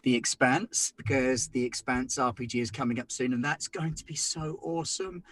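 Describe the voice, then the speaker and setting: A man's voice: mid-range voice, moderate pace, a bit bright. A man and game master chatting casually, in a playful, rambling way. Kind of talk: casual chat.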